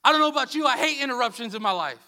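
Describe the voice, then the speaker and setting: A man preaching a sermon, emphatic, repeating key phrases and swinging between soft, low passages and loud bursts. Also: expressive, rapid-fire. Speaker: pastor.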